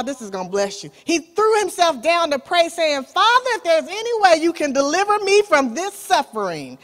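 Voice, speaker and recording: A woman preaching with a drawl. Her voice sits high and leaps around in pitch, and she calls out to the congregation with folksy asides. She takes her time, stretching out her key lines and dropping some to a near hush. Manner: call-and-response preaching, folksy "y'all", swings from loud to soft. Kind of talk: sermon.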